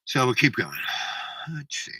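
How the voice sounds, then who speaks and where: Rambling older man with a bright voice. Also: medium pitch, sing-song, a little slow, husky, no echo, poor audio. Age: 70s. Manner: meandering, heavy on "you know" fillers. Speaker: channel host. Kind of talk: casual rambling storytelling.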